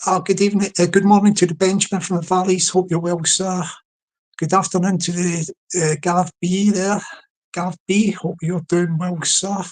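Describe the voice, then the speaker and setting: A man with a London accent hosting a late-night solo live stream, telling a humorous hypothetical story in a rambling, halting way, full of restarts and greetings to the chat. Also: sits high, level tone, a little mellow.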